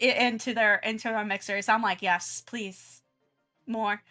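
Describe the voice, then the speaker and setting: A giggly young woman chats loosely as she draws on stream, her voice bright and a little high. She restarts often, and faint music plays behind her. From Southern United States. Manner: chatty and giggly, many restarts and fillers. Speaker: art streamer. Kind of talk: casual chat while drawing on stream.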